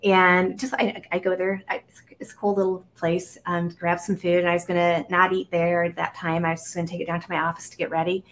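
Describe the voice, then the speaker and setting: A woman from Iowa, a guest on an interview show, talking casually with many fillers and animated storytelling. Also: on the low side, normal speed. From Iowa, United States.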